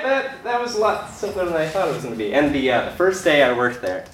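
A man's voice: fairly high pitch, moderate pace, distant mic. A young man telling a funny story on stage, laughing as he talks. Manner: animated, laughing through his story. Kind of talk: stand-up storytelling. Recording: echoey hall, mic from afar, audience noise.

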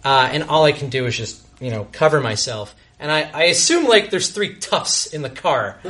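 A man's voice: fairly high pitch, very animated, unhurried, pushed and bright. A young man telling a story to a live audience with wry, self-deprecating humor.

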